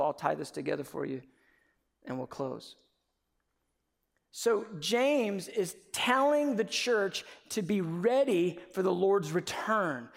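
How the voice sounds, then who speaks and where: A man preaching a sermon with passion, moving from quiet, conversational stretches to sudden shouted emphasis. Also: high voice, big pitch swings, slow pace, vocal fry. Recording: long reverb of a large hall.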